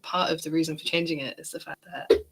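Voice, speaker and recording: A woman's voice: low-pitched, fairly even intonation, quick pace, a bit bright, husky. Chatty british woman hosting a podcast, says like a lot. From Britain. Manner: chatty, lots of fillers like 'like'. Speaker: podcast host. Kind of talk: casual chat.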